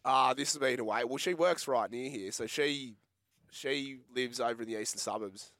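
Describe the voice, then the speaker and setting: An Australian man on a radio show, easygoing and relaxed about his plans. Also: mid-range voice, normal speed, no room sound, clean studio sound. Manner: laid-back, easygoing. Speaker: radio co-host. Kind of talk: casual radio banter. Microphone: studio microphone.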